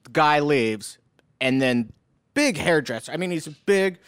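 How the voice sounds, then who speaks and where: A man's voice: on the high side, measured pace, clean tone, dry recording. A man tells a story in casual chat, his voice climbing and swooping with a lot of movement and sitting a little above the usual male register. He laughs through his lines as he goes. The sound is dry and close, with no room around it. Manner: animated anecdote with frequent laughs.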